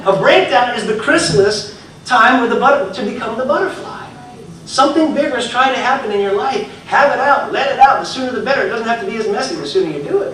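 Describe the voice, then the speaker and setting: A man giving a live inspirational talk, telling stories with loud bursts and quiet lines and repeating phrases for emphasis. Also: high-pitched, a little fast. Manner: animated storytelling, swings between loud bursts and quiet lines. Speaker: motivational speaker. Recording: echoey hall from far off, faint noise.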